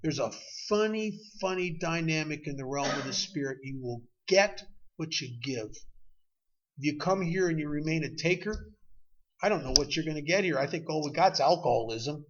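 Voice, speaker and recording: A man tells his story at a recovery meeting, his voice raw and emotional. He goes from loud and pressing to hushed and broken, and his pitch sits a little high. The recording sounds dull and lo-fi, as if taped in a meeting room. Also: expressive, moderate pace. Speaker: AA speaker.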